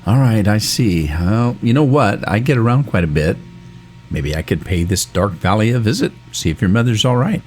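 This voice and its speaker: A man's voice: on the low side, lively intonation, moderate pace, a little mellow, faint music behind. A man playing a game and joking along with the characters in a wisecracking way. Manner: wisecracking, talks back to characters. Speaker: gamer doing a let's play. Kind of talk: joking let's play commentary.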